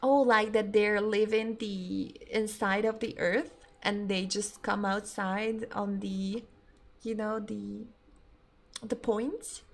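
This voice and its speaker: A woman's voice: mid-range voice, steady tone, slow pace. A young woman whose first language is not English, chatting casually and swearing freely as a game streamer. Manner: chatty, swears often, laughs easily. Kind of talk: casual live-stream chat.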